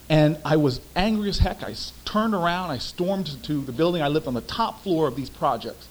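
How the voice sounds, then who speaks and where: A young man, a former city councilman, giving a storytelling speech with emphatic, animated delivery. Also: a little high, a little fast, slight background noise, rough recording.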